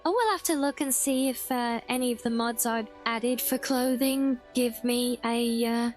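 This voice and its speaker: A young woman chats her way through a game on stream, her voice sitting high and her speech unhurried. She giggles between remarks and often restarts mid-sentence. Soft game music plays faintly underneath. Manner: chatty and giggly, with frequent restarts and fillers. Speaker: streamer playing a video game. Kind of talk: casual livestream chat while gaming.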